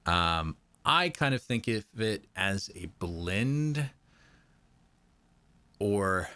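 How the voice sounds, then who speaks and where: A man's voice: lowish voice, bright, forceful tone. A man with a Midwestern American accent, hosting a casual live stream and chatting with viewers, rambling with fillers and chuckles on a close mic. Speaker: livestream host. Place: home project room. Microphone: dynamic or lavalier mic, close.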